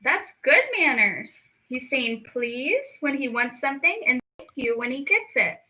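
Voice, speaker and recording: A young woman teaching a children's lesson, slow and encouraging as she speaks to young kids. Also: high voice, big pitch swings, pushed and bright, poor audio. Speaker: speech clinic storytime teacher.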